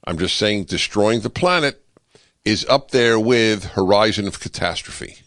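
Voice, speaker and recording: A man hosts a talk radio show, delivering a political commentary monologue into a studio microphone with animated sarcasm and wry asides. His voice sits on the low side, his pace is measured, and there's no echo.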